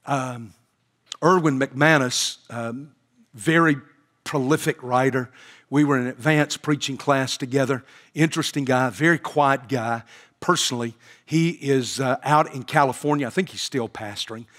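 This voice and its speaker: A man preaching a sermon, telling a story with frequent pauses and fillers and building to emphatic quoted lines. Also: mid-range voice, fairly bright tone. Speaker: pastor.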